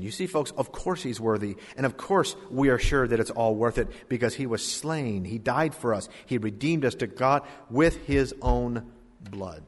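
A man's voice: medium pitch, animated, fairly bright tone. Man preaching in a reverberant church. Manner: preaching with swelling emphasis and dramatic pauses. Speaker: pastor. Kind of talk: sermon. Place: church sanctuary. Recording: long hall reverb.

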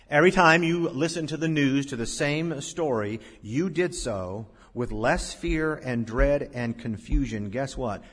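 Husky-voiced preacher in a reverberant hall. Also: male voice, medium pitch. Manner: animated preaching, swinging between loud emphasis and quiet asides. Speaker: pastor. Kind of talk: sermon. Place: large church sanctuary. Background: congregation in the room.

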